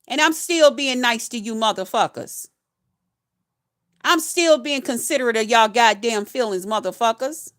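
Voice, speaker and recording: Blunt profane woman in her fifties, high voice. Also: normal speed, fairly bright tone. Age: 50s. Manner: blunt, profane, chanting repeated phrases. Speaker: retired nurse, YouTuber. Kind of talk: profane ranting vlog.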